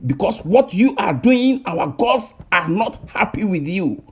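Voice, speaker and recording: Ghanaian man, high voice, angry rant, repeats himself, hesitant fillers. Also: sing-song, unhurried, breathy edge, lo-fi sound. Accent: Ghanaian English. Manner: heated and accusing, repeats phrases, many hesitations. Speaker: online commentator.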